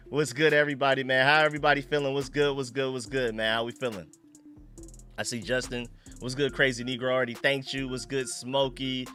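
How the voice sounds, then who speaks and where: A man hosting a casual sports fan live stream, excitable and slangy, greeting chat viewers by name. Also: mid-range voice.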